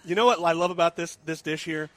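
Bright, high-voiced man hosting radio. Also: fast talker. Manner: enthusiastic, playful. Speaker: radio show host. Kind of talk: live radio food talk.

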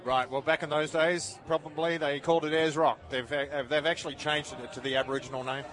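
An Australian man, a restaurant owner, chatting in a relaxed, friendly way as a guest on live radio. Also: fairly high pitch, a little fast.

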